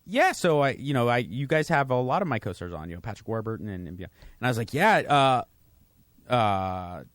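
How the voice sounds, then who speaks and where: A middle-aged man chatting as a podcast guest, telling stories in a halting, self-deprecating way with many restarts. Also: mid-range voice, very animated, no echo. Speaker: guest, radio host. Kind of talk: casual podcast chat. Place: studio.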